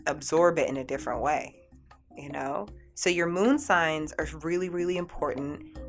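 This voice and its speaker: Female radio host, low voice, chatty and upbeat; faint music under the talk. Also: a bit bright. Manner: chatty, upbeat, full of "like" and restarts. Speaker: radio show host and energy healer. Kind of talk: casual talk radio monologue.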